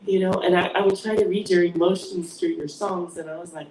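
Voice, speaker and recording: A woman's voice: lowish voice, steady tone, a little fast, hardly any pauses, a little mellow, distant mic. A woman hosting a casual chat with her daughter as guest. She laughs often and acts out quotes as she tells stories. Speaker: podcast host and mother of the guest. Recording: echoey room from off-mic, faint noise.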